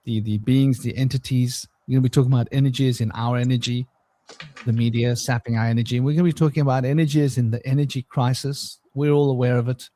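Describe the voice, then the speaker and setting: A man's voice: medium pitch, steady tone, fast talker, warm tone, dry recording. A man hosting a casual podcast chat, rambling and repeating words, often breaking into laughter. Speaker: podcast host.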